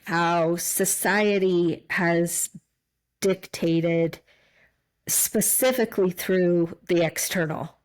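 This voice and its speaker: A woman with a lowish voice co-hosts a conversational podcast. She speaks reflectively, circles back on her words, and gets emotional as she talks. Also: steady tone, drawn-out words, poor audio. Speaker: podcast co-host.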